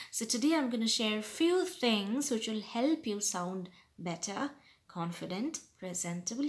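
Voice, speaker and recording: Emphatic Indian woman coaching English. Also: mid-range voice. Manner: emphatic, coaching tone with frequent "right?" and "okay?" checks. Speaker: vlogger teaching spoken English. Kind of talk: instructional vlog talk.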